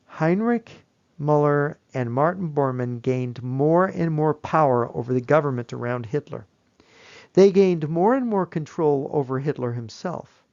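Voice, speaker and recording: A man delivers a lecture-style presentation in a fairly high voice. His telling is measured and emphatic. The recording sounds dull and lo-fi. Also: a little mellow.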